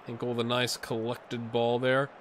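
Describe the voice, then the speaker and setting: A man doing a tired but excitable, jokey play-by-play while he plays a game on video, with asides to his viewers. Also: mid-range voice, normal speed, slight background noise. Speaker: gaming YouTuber. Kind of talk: let's play commentary.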